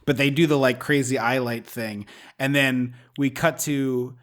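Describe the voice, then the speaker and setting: A man co-hosting a podcast, chatting casually about a film in an animated, rambling way with many restarts. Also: mid-range voice, unhurried. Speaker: podcast co-host. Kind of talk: casual movie discussion.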